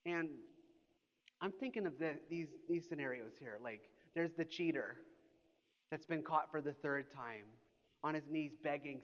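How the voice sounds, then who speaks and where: A middle-aged man, a pastor, preaching a sermon with animated, mock-indignant storytelling. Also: fairly high pitch, measured pace. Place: church auditorium. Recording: dull sound in a large reverberant hall.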